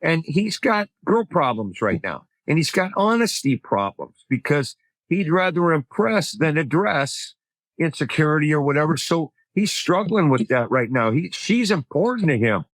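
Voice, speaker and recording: Animated man telling funny anecdotes. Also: on the high side, normal speed, no echo. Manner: acts out voices in his anecdotes, punchline-driven; frequent self-repeating restarts. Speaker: guest, recovery comedian. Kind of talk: animated conversational storytelling.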